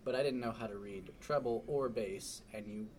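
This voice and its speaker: A man's voice: lowish voice, normal speed, slight background noise. A man telling stories in a casual chat, acting out what people said. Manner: animated storyteller, mimics quoted people.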